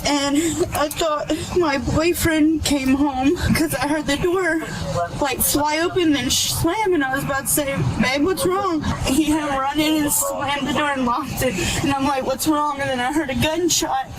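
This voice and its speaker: A shaken woman speaks through tears, her voice sitting high as she retells the events with quoted back-and-forth. She is picked up outdoors by a police body camera, with heavy noise all around. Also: steady tone, unhurried. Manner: tearful, breathless retelling with quoted dialogue. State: crying, shaken. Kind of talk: distressed account to officers. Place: outdoors at a house. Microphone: body camera worn by an officer.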